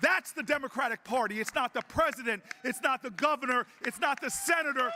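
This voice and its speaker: A man giving a convention speech, telling a story and building up to shouted rallying calls. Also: very high voice, brisk, hardly any pauses, over a noisy crowd, very noisy. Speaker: political speaker. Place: large convention hall. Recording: long hall reverb.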